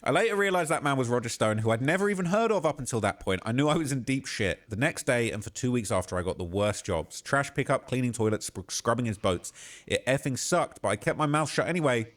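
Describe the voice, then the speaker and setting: A man hosting a livestream, reading a long post aloud in a steady way and breaking off now and then with shocked outbursts. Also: mid-range voice, fast. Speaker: livestream host.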